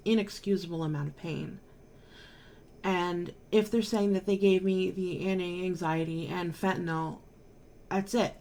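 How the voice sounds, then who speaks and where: A woman's voice: on the low side, darkish tone, slight background noise. A married woman vlogger telling a personal story to camera in an emphatic, exasperated way, now and then swearing. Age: adult, married.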